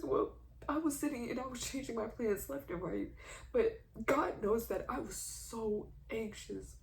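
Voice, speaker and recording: A woman's voice: on the high side, unhurried, creaky, darkish tone. A twenty-one-year-old woman giving a heartfelt faith testimony, earnest and emotional, tearful at times. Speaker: vlogger sharing a faith testimony.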